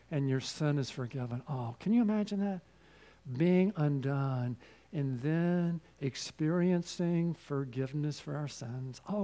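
A man preaching a sermon, asking the listeners questions and swinging between loud calls and hushed asides. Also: fairly high pitch.

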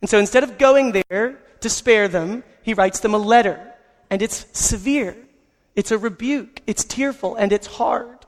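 A man's voice: high-pitched, unhurried. A man preaching a sermon, telling a story in an earnest way, recorded in a reverberant hall. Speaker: pastor.

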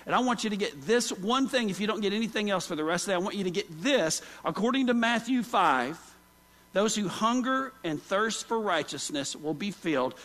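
A man with a notably high voice preaches in a relaxed, conversational style, stumbling through restarts and drawing the congregation in with questions. His voice carries a long reverb tail from a large church hall. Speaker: pastor. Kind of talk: sermon.

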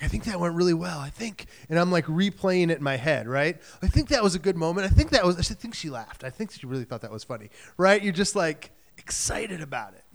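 A pastor from Michigan giving a sermon in a conversational way, acting out quoted voices and often saying "like" and "right?". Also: male voice, a little high, smooth.

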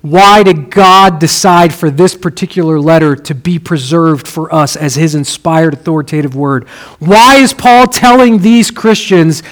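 Pastor, male, high-pitched, expressive sermon delivery with soft low drops for emphasis. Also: measured pace, poor audio.

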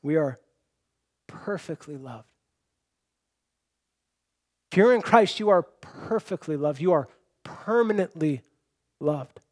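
A man's voice: on the high side, expressive, slow, pauses often, darkish tone. A young adult man preaching a sermon, earnest and personal, often restarting with repeated words. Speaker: pastor.

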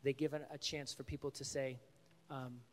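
A man's voice: medium pitch, level tone, moderate pace, long reverb tail. A male pastor giving an earnest, conversational sermon with an altar call, telling stories and praying in a church sanctuary.

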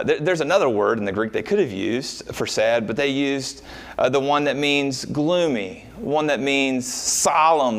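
A man preaching a sermon as a pastor, talking through the verses with rhetorical questions and frequent pauses. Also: mid-range voice.

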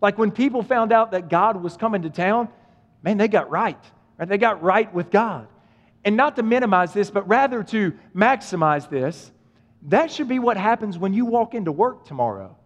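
A man's voice: high-pitched, lively intonation, normal speed, lo-fi sound. A male pastor preaching a sermon, speaking with emphatic repetition and addressing the listeners directly. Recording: long hall reverb.

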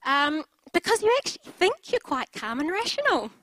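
A middle-aged woman preaches a sermon, sharing her own stories in a candid, open way. Her voice sits a little high, and the sound is close and dry, with no room around it. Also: very animated, normal speed, a bit bright, dry recording, low-quality recording. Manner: candid, personal storytelling with light laughs.

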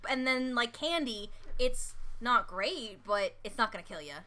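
Bright, lively American woman podcaster. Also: fairly high pitch, measured pace, slight background noise. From United States. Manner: chatty, giggly, filler-heavy. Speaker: podcast co-host. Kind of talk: casual chat.

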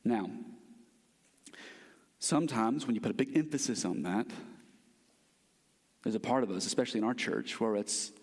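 A man's voice: mid-range voice, expressive, normal speed, pauses often, darkish tone. A man from the United States preaching a sermon as pastor, earnest and emphatic, repeating key phrases for stress. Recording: long reverb of a large hall.

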